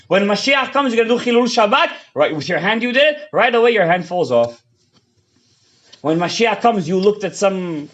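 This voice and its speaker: Impassioned rabbi, high lively voice. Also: male voice. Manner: impassioned, swings between shouting and hushed asides; mixes English with Hebrew and Yiddish terms. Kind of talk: fiery Torah lecture. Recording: dull lo-fi audio.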